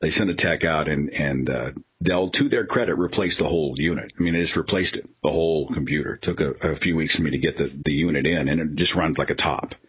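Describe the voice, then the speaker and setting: A male podcast host telling casual stories in an animated, exasperated way. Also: a bass voice, quick pace, hardly any pauses, breathy edge, narrow, tinny audio. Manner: animated, exasperated anecdotal storytelling. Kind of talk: casual storytelling monologue.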